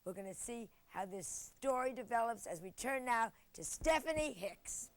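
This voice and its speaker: A woman's voice: a little high, animated, normal speed, dry recording. Brassy older woman hosting on TV. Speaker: show host. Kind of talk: scripted TV introduction.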